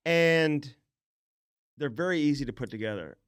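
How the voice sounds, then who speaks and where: A man's voice: fairly high pitch, animated, moderate pace, smooth, dry recording, clean studio sound. A man co-hosting a sports podcast, telling rambling anecdotes full of fillers. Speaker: podcast co-host. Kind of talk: casual sports chat.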